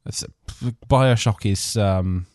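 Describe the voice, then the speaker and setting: A man's voice: fairly low pitch, takes it slowly, darkish tone, no echo, clean studio sound. A man hosting a podcast, rambling through casual chat with many fillers and restarts. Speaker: podcast host.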